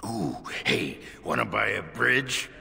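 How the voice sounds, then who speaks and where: An actor playing a crude, gruff dwarf warrior in a video game, with a gravelly voice. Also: male voice, lowish voice, expressive, takes it slowly, sharp tone, big-room sound, heavily acted. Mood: jokey.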